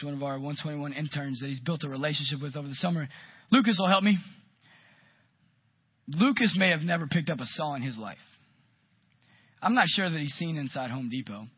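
Man, pastor, sermon storytelling, husky voice, dull lo-fi recording. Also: a little high, no echo. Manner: animated storytelling, acts out quotes.

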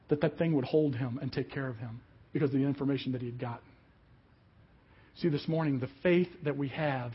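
Pastor, male, husky higher voice, sermon with vivid storytelling, dull lo-fi audio. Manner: animated storytelling, acts out quotes.

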